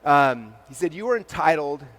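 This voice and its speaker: A man in his forties giving an energetic keynote talk on a conference stage, acting out dialogue in quick quotes and peppering his speech with "like.". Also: a little high. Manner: animated, acts out dialogue in quick quotes, frequent "like". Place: large event stage before a live audience.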